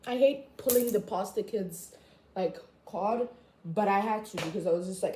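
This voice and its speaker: A teenage girl ranting casually to her camera at home, chatty and animated, with lots of "like" fillers. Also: on the high side, a little fast. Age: teens. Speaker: vlogger. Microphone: camera or phone mic. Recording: echoey room.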